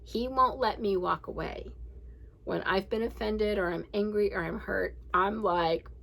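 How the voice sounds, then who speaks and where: A woman's voice: mid-range voice, measured pace, creaky, fairly bright tone, low-quality recording. A candid woman in her forties who hosts a daily reading podcast, talking in a casual, reflective, rambling way with laughs. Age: 40s.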